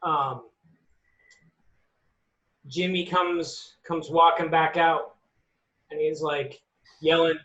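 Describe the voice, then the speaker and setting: A man narrating as game master of a tabletop game, slow and halting with many fillers. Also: on the high side, fairly even intonation, fairly bright tone. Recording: echoey, dull lo-fi room recording.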